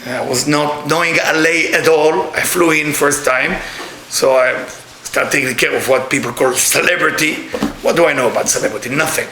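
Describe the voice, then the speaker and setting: A middle-aged man with an Israeli accent, giving a spiritual talk with blunt, joking, animated storytelling. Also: fairly high pitch, moderate pace, reverberant, crowd noise. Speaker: kabbalah teacher.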